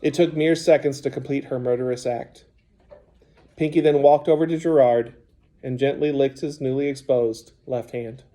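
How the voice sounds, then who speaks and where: Mellow male audiobook narrator. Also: mid-range voice, fairly even intonation. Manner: measured, storytelling.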